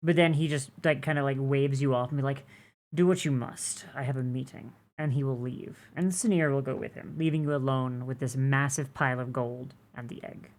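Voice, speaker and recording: A woman's voice: extremely low pitch, steady tone, brisk, hardly any pauses, a little mellow. A woman narrating a tabletop game as game master, rambling with many fillers as she describes scenes.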